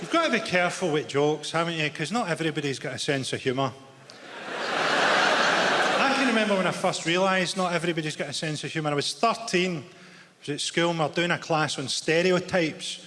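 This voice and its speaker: A man's voice: fairly high pitch, lively intonation, brisk. A male stand-up comedian telling stories on a theatre stage in a dry, conversational way. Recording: theatre reverb, faint noise.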